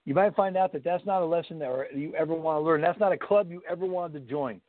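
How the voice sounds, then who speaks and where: A man's voice: on the high side, quick pace, no room sound. A man giving a Bible study lecture as instructor, emphatic, blunt and preachy. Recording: tinny phone-like, dry sound.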